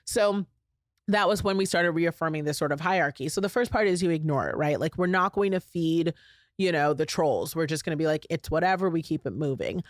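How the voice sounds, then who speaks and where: With a deep voice and brisk delivery, a middle-aged woman runs her solo podcast, talking casually and with emphasis to her audience. The studio-quality audio has no echo.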